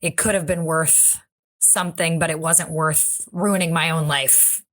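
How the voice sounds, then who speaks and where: A woman's voice: low-pitched, fairly even intonation, measured pace, fairly bright tone. A woman co-hosting a podcast, talking thoughtfully and thinking aloud with restarts. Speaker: podcast co-host. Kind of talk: casual conversational discussion.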